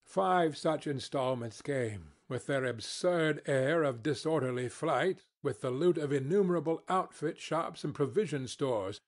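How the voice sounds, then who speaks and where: A man narrating an audiobook in a measured, deliberate storytelling manner. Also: a little high.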